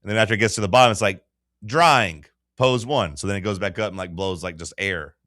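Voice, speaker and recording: A man's voice: deep voice, quick pace, pushed and bright, no echo, studio quality. A man hosting a sports radio show, telling a long story in casual chat and acting out the voices of the people he quotes.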